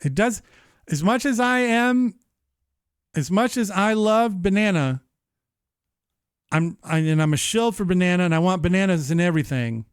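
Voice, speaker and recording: A man in his thirties hosting a live-streamed show, chatting casually in an animated, profane, rambling way. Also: high-pitched, moderate pace, pauses often, smooth, no echo, clean studio sound. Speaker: livestream show host.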